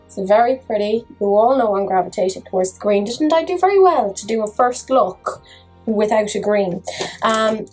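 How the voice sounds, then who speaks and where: A woman's voice: mid-range voice, animated, moderate pace, a little mellow, faint music behind, low-quality recording. A woman chatting casually through a makeup review, full of self-mocking jokes. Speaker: makeup vlogger.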